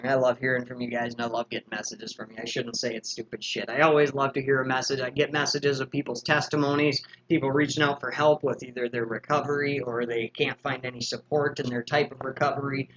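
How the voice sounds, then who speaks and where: A man's voice: a little high, fairly bright tone, muffled recording, a little hiss or hum. A man hosting a recovery livestream, chatting casually as he reads viewer comments, joking around and swearing freely. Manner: loose and joking, with frequent swearing and slang.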